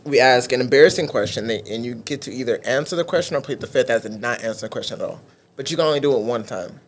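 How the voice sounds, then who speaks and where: A man's voice: mid-range voice, expressive, fast talker, slight background noise. A man hosting a podcast, chatting casually and laughing often as he leads a game. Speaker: podcast host. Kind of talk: casual chat.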